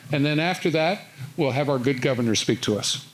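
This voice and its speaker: A man hosting an event, giving a measured, upbeat introduction of the speakers. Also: medium pitch, heavy background noise. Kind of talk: formal introduction.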